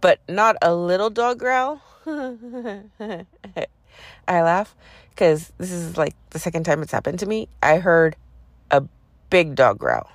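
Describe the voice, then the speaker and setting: A woman's voice: fairly low pitch, a little slow, long pauses, dry recording. A woman hosting a podcast, casually telling a personal story in a profane, sarcastic way. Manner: profane, sarcastic, animated retelling. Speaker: podcast host.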